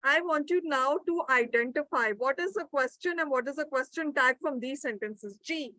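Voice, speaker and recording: A woman's voice: sits high, normal speed, pushed and bright, no echo, rough recording. A woman teaching an interactive online grammar session. She reads out participants' answers and praises them. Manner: encouraging, reads out participants' replies. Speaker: webinar trainer.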